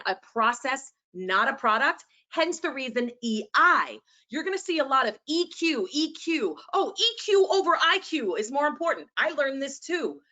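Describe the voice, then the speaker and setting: Woman with a New York accent, teacher trainer, passionate, bright forceful voice, slightly high. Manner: passionate, animated, sometimes fast. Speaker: educator and presenter. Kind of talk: presentation to teachers.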